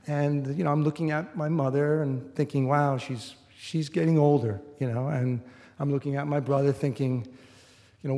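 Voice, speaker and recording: Here a middle-aged man with a fairly high, darkish voice recounts something from his own life onstage in a big hall with an audience listening. The tone is casual and full of "you know" asides, and the recording has a spacious hall echo.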